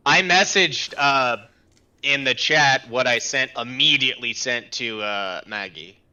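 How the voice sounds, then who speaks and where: A man's voice: medium pitch, measured pace, bright, forceful tone, smooth. A man playing in a tabletop game, chatting in a playful, rambling way. The audio is dull and lo-fi. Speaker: player. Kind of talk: casual chat.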